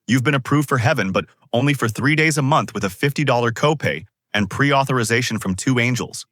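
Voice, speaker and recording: A man voicing Saint Peter as a calm, formal male gatekeeper of heaven. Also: mid-range voice, a little fast, dry recording, close to an everyday voice.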